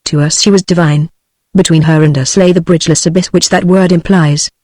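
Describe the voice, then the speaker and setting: A text-to-speech voice reads a classic novel aloud at a medium pitch. The delivery is even and unhurried, with no theatrical shading. The sound is dry and close, with no room around it. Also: no room sound. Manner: even, unhurried synthetic reading. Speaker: audiobook narrator. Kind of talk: text-to-speech audiobook narration.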